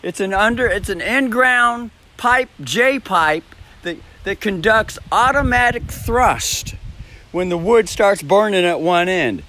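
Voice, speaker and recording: A man with a notably high voice rambles through a homespun story at his own place. He chuckles between phrases, swears freely and keeps circling back to restart his sentences. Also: lively intonation, takes it slowly, pushed and bright. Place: at his own home, by a backyard shed.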